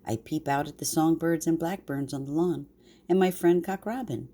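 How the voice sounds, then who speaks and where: An older woman voicing a gentle, homesick male country mouse in a bedtime story, speaking softly and earnestly. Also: deep voice, normal speed. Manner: soft and earnest.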